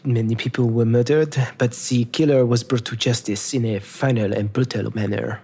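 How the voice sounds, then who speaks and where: A formal, courteous woman guard captain, as a man puts her on at a tabletop game. She speaks stiffly and politely in a slightly husky voice. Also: medium pitch, fairly even intonation, normal speed, warm tone.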